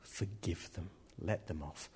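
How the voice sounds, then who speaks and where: A man's voice: deep voice, slow pace, darkish tone, slightly rough. A man preaching a sermon in an earnest manner, often repeating key phrases.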